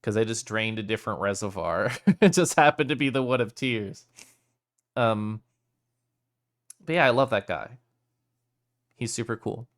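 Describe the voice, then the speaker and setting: Male streamer, smooth clear voice, teary and emotional, laughs a lot while chatting at his desk mic. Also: on the low side, lively intonation, a little slow, long pauses, a bit bright. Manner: emotional, laughs often between sentences. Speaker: streamer reading chat. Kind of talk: casual stream chat.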